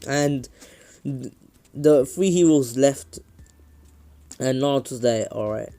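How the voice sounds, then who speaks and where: A man's voice: mid-range voice, slow, warm tone. Man rambling through a fan story. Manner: rambling, with fillers and self-corrections. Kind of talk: casual fan-fiction retelling.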